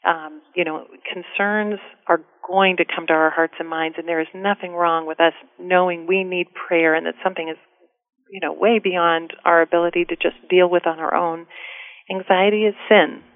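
A woman's voice: fairly low pitch, fairly even intonation, moderate pace, no room sound. A middle-aged woman, a guest author, speaking earnestly and from the heart in a casual interview. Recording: tinny phone line.

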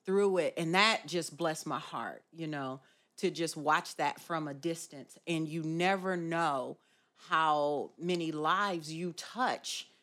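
Podcast host, woman, low and unhurried, earnest and encouraging. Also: a bit bright. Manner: earnest, encouraging, many fillers. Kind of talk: casual chat.

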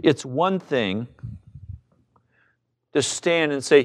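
A middle-aged man preaching with fervor, his voice sitting high and his delivery unhurried and drawn out. He builds to sudden shouted lines as he acts out the people in his sermon, then drops back to earnest appeal. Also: expressive. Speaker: pastor.

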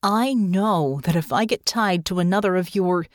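A woman voicing a tired, concerned female friend who speaks slowly and carefully in an audiobook. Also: lowish voice, dry recording, clean studio sound, lightly acted. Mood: apologetic. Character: weary, worried woman friend at a noble house. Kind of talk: audiobook character voice.

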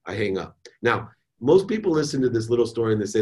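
A man's voice: on the low side, sing-song, fast, few pauses, slightly rough. Emphatic motivational man telling a story. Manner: emphatic, preacher-like, swings between soft and forceful. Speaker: guest, entrepreneur and speaker.

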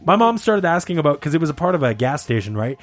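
A man co-hosting a casual chat, telling a story in an animated, laughing way. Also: a little high, fast, soft background music.

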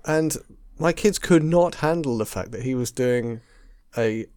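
A man's voice: mid-range voice, unhurried, a little mellow, dry recording, studio quality. Rambling English man chatting casually. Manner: rambling, searches for words, many restarts. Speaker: podcast co-host. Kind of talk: casual chat.

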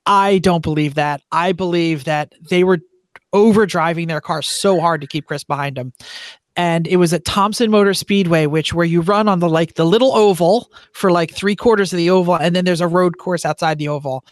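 A man's voice: high voice, no echo, studio quality. A man on a racing team, a guest telling a long story in a casual, rambling way with lots of fillers. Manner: rambling, filler-heavy, restarts often.

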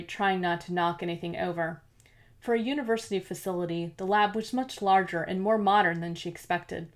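Woman, audiobook narrator, scripted reading, measured, steady, lowish voice.

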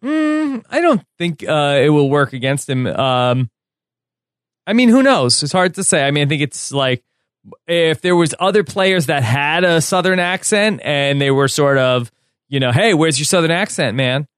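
A man's voice: fairly high pitch, sing-song, measured pace, fairly bright tone, clear, resonant tone, no echo, clean studio sound. A man hosting a casual podcast chat, giving short replies and joking asides. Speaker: podcast host.

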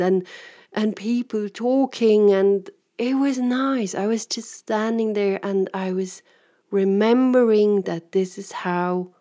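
Woman, warm relaxed timbre, chatty storyteller who rambles and laughs. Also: mid-range voice. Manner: rambling, laughs often, acts out quoted voices. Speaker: vlogger and coach. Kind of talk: casual personal storytelling.

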